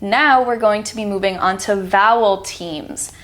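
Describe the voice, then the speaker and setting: A woman's voice: mid-range voice, measured pace, fairly bright tone. A woman teaching a reduction lesson, patiently demonstrating sounds and drawing out example words. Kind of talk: instructional video lesson.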